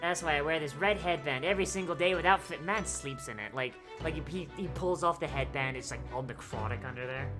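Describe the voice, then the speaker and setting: A young woman hosts a game stream, her voice sitting low as she jokes and swears between reading out the characters' lines. She slips into playful voices for the dialogue. Game music plays clearly behind her. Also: a little fast, hardly any pauses. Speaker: VTuber streamer.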